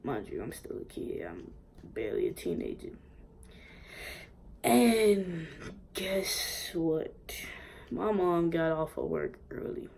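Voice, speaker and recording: A young woman casually telling a personal story, animated and full of swearing, acting out what others said. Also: deep voice, takes it slowly, gravelly. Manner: animated, swearing, acts out quotes. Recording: faint background noise.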